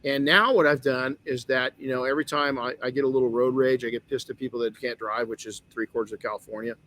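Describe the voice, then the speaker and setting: A man's voice: mid-range voice, steady tone, quick pace, fairly bright tone, slight background noise. A middle-aged man hosting a motivational podcast, telling a personal story earnestly with many restarts. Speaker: podcast host.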